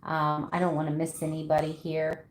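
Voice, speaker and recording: A woman's voice: low voice, monotone, normal speed. Chatty woman in her 50s, echoey room. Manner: chatty, laughs often, reads out viewer names. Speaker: keto vlogger. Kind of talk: casual livestream chat with viewers. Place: home room.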